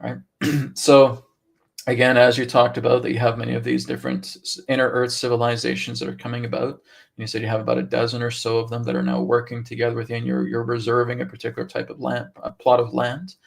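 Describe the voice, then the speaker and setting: A man's voice: medium pitch, monotone, fast, vocal fry. A man hosting a live channeling session who relays answers and asks long, rambling questions. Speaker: host and channeler.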